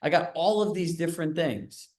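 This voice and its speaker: Brief: man putting on a pushy, bragging real estate agent, pitched up, roomy echo. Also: moderate pace, darkish tone, close to an everyday voice. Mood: boastful. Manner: boastful, rattling off a list.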